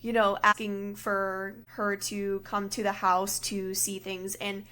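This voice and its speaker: A woman's voice: medium pitch, completely flat delivery, takes it slowly, sharp tone. A woman co-hosting a podcast, casually retelling a movie's plot with lots of "like"s. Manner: chatty, filler-heavy retelling with many "like"s. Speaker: podcast co-host. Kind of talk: casual movie recap chat.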